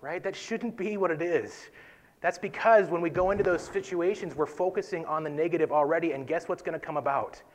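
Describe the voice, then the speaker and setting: Brief: man, slightly higher voice, casual earnest Bible teaching, conversational with soft emphatic drops. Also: a little fast. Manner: conversational, tags points with "right?".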